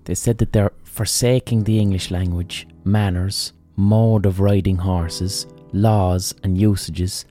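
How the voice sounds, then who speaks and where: Swearing Irish man telling a story. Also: sits low. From Ireland. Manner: swearing, animated retelling with mock quotes. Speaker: podcast host. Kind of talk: casual storytelling monologue.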